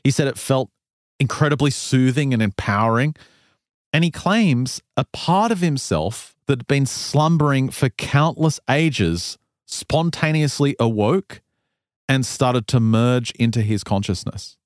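A man's voice: medium pitch, measured pace, dry recording. Guy telling a wild story on a podcast, laughs a lot, dry close sound. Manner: animated retelling, laughs often, loose fillers. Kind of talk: casual storytelling chat.

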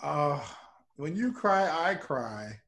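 Tearful woman in a goodbye scene, over-the-top and animated in pitch; performer voicing. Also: slow pace, full character voice. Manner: melodramatic, tearful back-and-forth. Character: weepy woman leaving her lover for work. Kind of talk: improvised comedy sketch.

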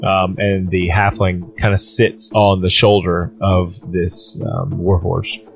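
A man's voice: deep voice, flat delivery, slow, vocal fry, loud music behind the voice. A man running a tabletop game as game master, narrating scenes casually with many fillers.

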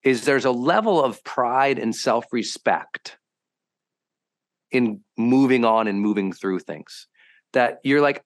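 A man hosting a podcast, a high-performance coach telling stories in a lively, conversational way and acting out quotes with sudden bursts. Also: a little slow. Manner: animated, swings into loud acted quotes. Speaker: host.

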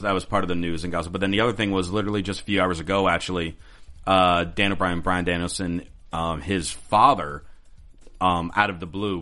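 Deep-voiced man, wry and laid-back. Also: pushed and bright. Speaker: co-host. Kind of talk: casual panel chat.

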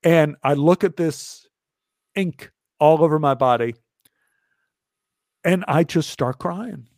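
A man's voice: a little high, slow pace, darkish tone, dry recording, studio quality. A middle-aged man telling a personal story, wry and self-mocking, acting out other people's lines with big jumps in his voice.

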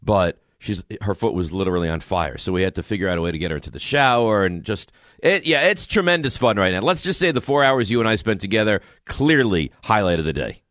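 A middle-aged man hosting a radio show, telling stories in animated, exasperated, wry banter. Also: fairly low pitch, fast, no room sound, clean studio sound. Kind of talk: casual morning radio banter. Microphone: studio microphone.

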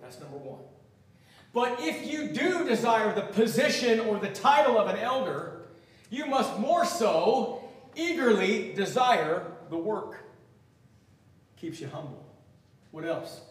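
A man preaching a sermon, emphatic, swelling and dropping in volume as he quotes scripture, recorded from far off in an echoey church hall. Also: high voice.

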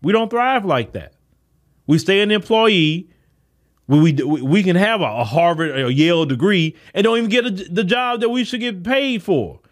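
A man's voice: high voice, lively intonation, normal speed. A man hosting a solo podcast, giving impassioned commentary in with rhetorical questions to his listeners. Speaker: podcast host.

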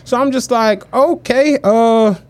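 A man's voice: very high-pitched, takes it slowly. A man co-hosting a casual podcast, telling a story in slangy talk and acting out the people he quotes. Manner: animated anecdote-telling, acts out quoted voices, slangy. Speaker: podcast co-host.

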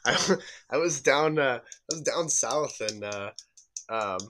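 A man, a podcast guest, telling an urban exploring story in a casual, animated way, swearing freely and acting out the people in it. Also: medium pitch, slow pace, a little hiss or hum. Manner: animated, swears a lot, acts out voices.

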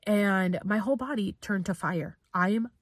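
A young woman casually telling a personal story on her podcast, full of "like" and animated bits where she acts out her own panicked reactions. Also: medium pitch, normal speed, dry recording, studio quality. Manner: heavy use of "like", informal swearing. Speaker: podcast host.

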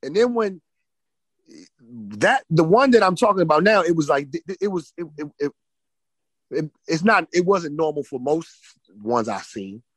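A man on a podcast telling an emotional personal testimony, often restarting and repeating words, swinging between loud and hushed. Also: fairly high pitch, very animated, moderate pace, pauses often, husky, no echo, rough recording. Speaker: podcast guest.

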